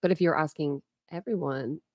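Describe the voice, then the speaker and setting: A woman's voice: low-pitched, normal speed, a little mellow, dry recording. A woman from Ohio hosting a casual live stream, chatting loosely with viewers, rambling with many fillers and laughing often. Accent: Ohio with Philadelphia family influence. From Ohio, USA. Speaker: host of a live stream commentary channel.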